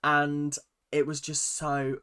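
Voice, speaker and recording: A vlogger ranting casually about a reality show, animated and swearing freely. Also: mid-range voice, slow, clean tone. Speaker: YouTube recap vlogger.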